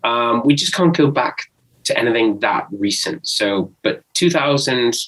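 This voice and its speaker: A man co-hosting a casual film podcast, animated and jokey, swearing freely. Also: medium pitch, a little slow, low-quality recording. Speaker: podcast co-host.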